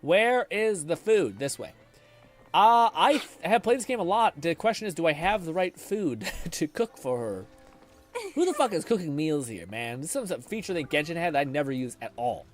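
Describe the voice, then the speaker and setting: A man livestreaming a game, his voice a bit high and bouncing all over the place. He talks loosely, swears and laughs freely, with game music faint behind him. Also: lively intonation, moderate pace. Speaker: gaming streamer. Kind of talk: casual live-stream commentary.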